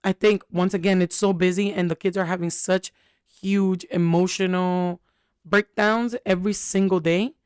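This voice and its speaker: A woman's voice: lowish voice, steady tone, normal speed, darkish tone, clean tone, no echo, clean studio sound. A young woman co-hosting a podcast, telling a candid, rambling story full of fillers in casual chat. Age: young adult. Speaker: podcast co-host.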